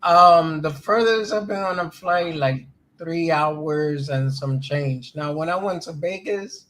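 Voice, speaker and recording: A man's voice: on the high side, slow, a bit bright. A man hosting a casual crypto live stream over a voice call, speaking in a laid-back way and laughing easily. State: voice changes easily, sometimes strained.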